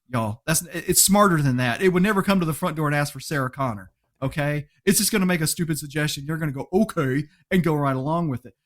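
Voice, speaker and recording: A man who is a podcast guest, chatting casually, telling animated stories, laughing often and acting out quotes. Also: on the high side. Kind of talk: casual interview chat.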